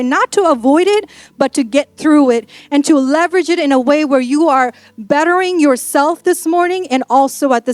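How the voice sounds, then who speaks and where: A woman pastor preaching a sermon in a playful, animated storytelling manner. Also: sits high, no room sound. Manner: sassy and emphatic.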